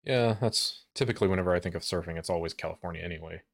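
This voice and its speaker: A man's voice: deep voice, very fast, creaky, dry recording, clean studio sound. A man co-hosting a live stream, teasing his co-host and laughing often. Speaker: podcast co-host. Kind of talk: casual chat.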